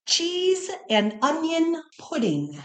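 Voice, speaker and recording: A woman's voice: extremely high pitch, big pitch swings, takes it slowly, a bit bright, reverberant. A woman co-hosting a home cooking show, chatting in a playful, jokey way. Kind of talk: casual cooking show chat. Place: home kitchen.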